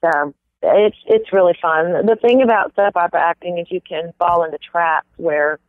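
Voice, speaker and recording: A woman from the American South, a stage actress chatting casually as an interview guest, animated and quick to slip into little accent demonstrations. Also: lowish voice, dry recording. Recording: tinny phone-like dry sound.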